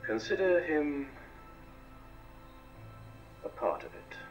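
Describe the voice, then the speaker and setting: An actor playing a calm, mysterious male mentor who speaks slowly and in measured pauses, in film dialogue. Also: a little high, highs cut off, soft background music. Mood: cryptic. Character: cryptic calm male mentor revealing secrets.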